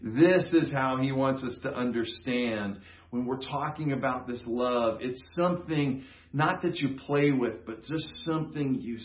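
A man's voice: medium pitch, unhurried. A man preaching a sermon in a conversational, playful teaching manner, getting the congregation to repeat words with him. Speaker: pastor. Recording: roomy, dull sound.

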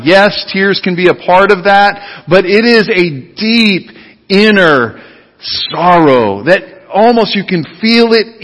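A man preaching a sermon as pastor. He is emphatic and leads the congregation in repeating words, then sinks to low, quiet tones on key phrases. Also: in a large hall, poor audio. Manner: leads the congregation in call-and-response repetition.

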